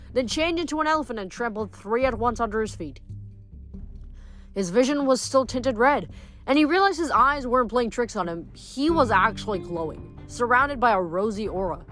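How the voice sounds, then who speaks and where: A woman reading a novel aloud, telling the story in a steady way with dramatic emphasis. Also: a little high. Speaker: reader.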